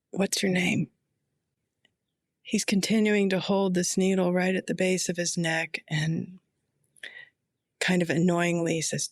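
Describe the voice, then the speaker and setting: Brief: middle-aged woman chaplain, reflective storyteller, quiet intensity, very slow pace. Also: on the low side, no echo, clean studio sound. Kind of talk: personal storytelling.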